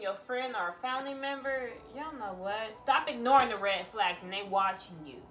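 A woman's voice: a little high, lively intonation, a little fast, hardly any pauses, a bit bright, distant mic, a little hiss or hum. A woman doing a casual tarot reading, blunt and exclamatory, swearing freely as she lays out cards. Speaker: tarot reader.

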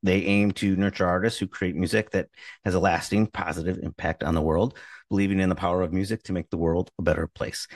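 Deep-voiced joking male podcast co-host. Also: no echo, clean studio sound, recorded from a distance. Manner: playful, joking banter.

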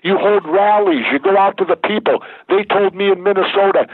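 A man's voice: sits high, expressive, normal speed, vocal fry, hardly any pauses, husky, dry recording. An older man, a former governor, talking bluntly and emphatically as an interview guest. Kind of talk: candid interview talk. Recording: tinny phone line, dry.

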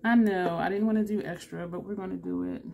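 A woman's voice: mid-range voice, steady tone, quick pace, gravelly, mellow, a little hiss or hum. A woman vlogger chatting through a makeup tutorial, thinking aloud and correcting herself as she goes. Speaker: beauty vlogger.

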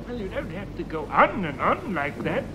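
A jolly, high-voiced friend. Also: male voice, big pitch swings, normal speed, bright, forceful tone, heavily acted. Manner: jolly, placating. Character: cheerful, soothing male friend. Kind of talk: 1970s radio comedy. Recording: hissy old radio tape.

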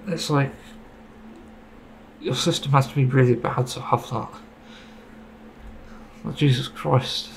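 Gravelly-voiced man ranting casually. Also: medium pitch, steady tone, takes it slowly, long pauses, a little hiss or hum, low-quality recording. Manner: rambling, frustrated, swears casually. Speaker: gaming video creator. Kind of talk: casual opinion monologue.

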